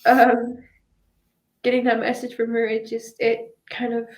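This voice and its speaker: A woman's voice: fairly high pitch, completely flat delivery, a little slow, a little mellow. A woman guest in an interview, steadily recounting a personal memory. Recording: roomy echoing room audio.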